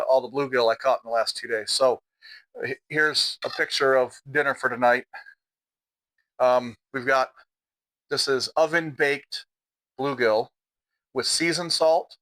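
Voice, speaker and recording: A man's voice: medium pitch, a bit bright, low-quality recording. A middle-aged man with a Midwestern American accent, chatting casually on his home vlog while he eats dinner and sometimes talks with his mouth full. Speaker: outdoor vlogger.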